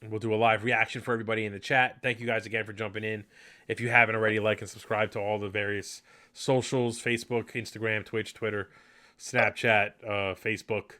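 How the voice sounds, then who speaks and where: A man's voice: on the low side, level tone, fairly quick, sharp tone. A man hosting a casual live podcast, chatty and enthusiastic, rambling with fillers. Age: adult. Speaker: podcast host.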